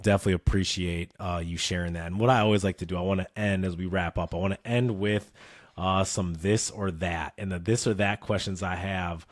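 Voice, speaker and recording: A man in his thirties hosting an interview podcast, talking in a relaxed, conversational way and laughing easily. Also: sits low, fairly quick, dry recording, studio quality. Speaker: podcast host. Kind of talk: casual interview chat.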